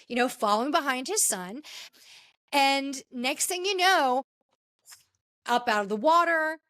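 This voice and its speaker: A woman hosts a casual podcast and tells stories in an animated way, exclaiming often. Her voice is high. The sound is dry and close, with no room echo. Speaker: podcast host.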